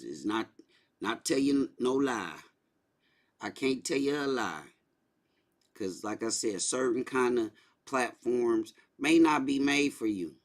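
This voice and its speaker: A man hosting a casual livestream, talking loosely and repeating his points. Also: mid-range voice. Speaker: livestream host.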